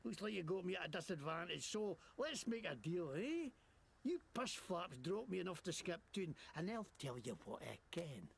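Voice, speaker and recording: A man's voice: high voice, big pitch swings, a little hiss or hum, heavily acted. An actor playing a crude, bitter male thug who fakes a Scottish accent, coarse and self-pitying, in a video game. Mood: whining. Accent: put-on Scottish. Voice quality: gravelly, coarse and cursing. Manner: whiny, self-pitying, quick to bluster.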